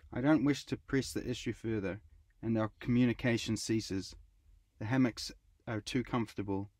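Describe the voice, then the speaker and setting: A middle-aged man narrating his own travel writing in a measured, wry first-person reading. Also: mid-range voice, steady tone, a little mellow, no room sound. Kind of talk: scripted audiobook narration.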